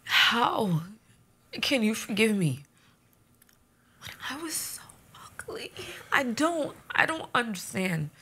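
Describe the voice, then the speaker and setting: An actress playing a guilty, defiant ex-fiancée who pleads and accuses by turns. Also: female voice, a little high, sing-song, slow pace, creaky, pushed and bright, breathy edge, full character voice. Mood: emotional. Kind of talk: romantic drama acting.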